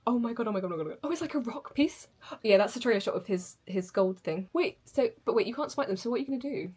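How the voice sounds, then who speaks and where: A young woman reacting to a show on her channel, gasping and gushing excitedly. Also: fairly high pitch, quick pace, slightly rough. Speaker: reaction video host. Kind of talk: casual reaction commentary.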